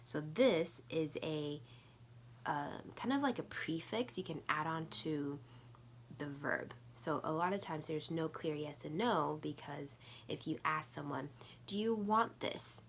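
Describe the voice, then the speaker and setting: A woman teaching a recorded language lesson, explaining patiently step by step and repeating phrases slowly for learners. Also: low voice, slight background noise. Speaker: Mandarin teacher. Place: United States.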